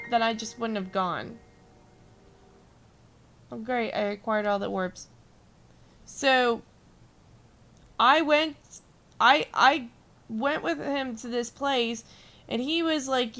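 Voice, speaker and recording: A woman's voice: on the high side, slow pace, pauses often, a bit bright. A young woman chatting casually while gaming, telling a rambling story, swearing freely and answering viewers. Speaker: gaming streamer.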